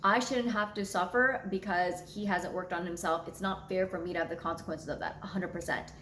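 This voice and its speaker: A woman's voice: lowish voice, fairly even intonation, a little fast, fairly bright tone, reverberant, slight background noise. A young adult woman astrologer telling a personal story to her viewers in a candid, blunt way, swearing freely. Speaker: astrologer and channel host.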